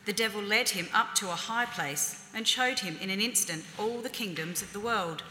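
A woman reading a Bible passage aloud in a measured, clear way during a church service. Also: mid-range voice, sharp tone. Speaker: scripture reader. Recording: echoey church with faint noise.

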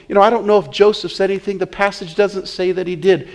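A man preaching a sermon in an animated way, often repeating words as he acts out the scene. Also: high-pitched, quick pace, few pauses.

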